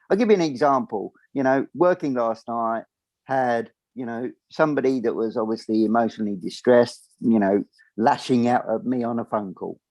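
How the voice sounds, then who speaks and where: A man talking casually on a podcast, often acting out his own inner voice in a higher, lively tone. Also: dry recording. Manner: acts out his inner voice in higher animated tones. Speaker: podcast co-host. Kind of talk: casual chat.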